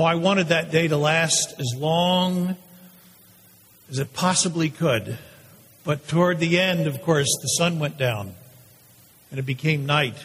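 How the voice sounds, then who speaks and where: A man voicing a condemned male prisoner awaiting crucifixion, telling his story in a first-person dramatic monologue with intense pauses. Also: on the high side, fairly bright tone, breathy edge, full character voice. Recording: long hall reverb.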